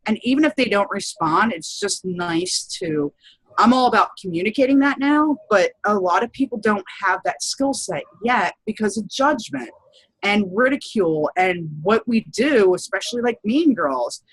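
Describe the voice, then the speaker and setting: A woman's voice: medium pitch, animated, normal speed, breathy edge, no echo, poor audio. A woman teacher in casual chat, talking in a chatty, laughing and blunt way with frequent swearing.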